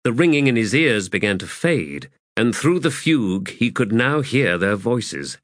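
A man narrating a fantasy novel in a measured, deliberate way. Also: mid-range voice, very animated, fairly bright tone, no echo, clean studio sound. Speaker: audiobook narrator.

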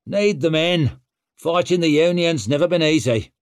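A brash young warrior king swaggers through his lines, loud and boastful, pitched high with a cocky edge, as a man reads him aloud. The storybook recording is close and dry. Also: normal speed, smooth, no room sound, close to an everyday voice.

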